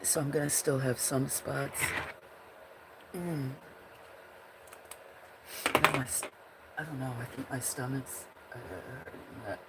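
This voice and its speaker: A woman's voice: extremely low pitch, fairly even intonation, slow, pauses often, very noisy. A woman hosting a casual livestream, chatting with viewers in a rambling way and often breaking into giggles. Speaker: livestream host.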